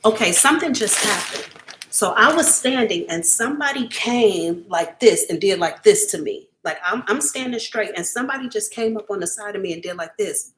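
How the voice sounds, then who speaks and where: An earnest woman reads for her viewers on a live stream, her voice sitting at an ordinary mid pitch for a woman. She talks casually but with heavy emphasis and keeps checking in with the audience. She is openly emotional and at times close to tears. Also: lively intonation, moderate pace, fairly bright tone. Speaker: psychic reader. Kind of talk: live-stream psychic reading, talking to viewers.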